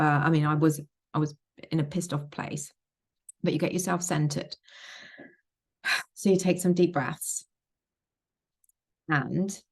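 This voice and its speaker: A woman's voice: low-pitched, creaky, a little mellow, slightly rough. A woman coaching on manifestation in a casual motivational vlog, emphatic, repeating phrases and swearing freely.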